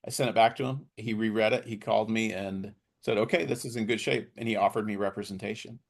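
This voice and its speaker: A middle-aged man, a guest author, telling his story in a podcast interview and lively acting out the people he quotes. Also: lowish voice, fast, creaky. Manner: animated storyteller who acts out quoted voices.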